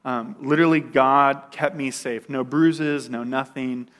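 A man's voice: mid-range voice, fairly even intonation, measured pace, a bit bright. A man sharing a personal testimony in a loose, conversational way, with fillers and restarts and an occasional laugh at himself. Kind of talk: casual personal testimony storytelling.

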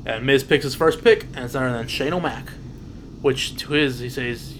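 A man's voice: mid-range voice, normal speed, a bit bright, slight background noise. Laid-back man recapping wrestling. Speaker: podcast co-host. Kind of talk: casual wrestling recap chat.

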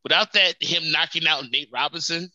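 A man with a very bright, forward voice, recorded close and dry with no room sound. He rambles through a casual chat, stumbling and restarting, laughing often. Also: a little high, moderate pace, no echo, dull audio. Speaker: podcast co-host.

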